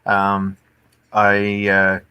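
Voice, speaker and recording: A man from Canada talks on a video call in a halting, earnest way, filling pauses with uh. His voice sits fairly low yet sounds bright and forceful. It is casual livestream chat. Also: monotone, clean tone. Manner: halting, many uh fillers, earnest. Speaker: guest promoting atheism organization.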